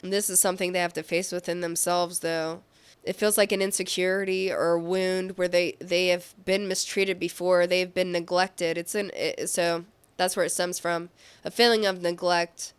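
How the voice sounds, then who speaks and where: A woman's voice: on the low side, flat delivery, normal speed, clean tone. A woman giving a casual tarot reading, talking in a loose, rambling way and correcting herself as she goes. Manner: rambling, self-correcting, with fillers. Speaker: tarot reader.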